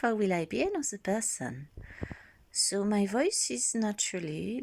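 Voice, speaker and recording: A woman recording herself, musing aloud about her own voice in a reflective, halting way, dropping into whispers now and then. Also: mid-range voice, animated, a little mellow, a little hiss or hum. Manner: musing, thinking aloud with pauses. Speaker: vlogger.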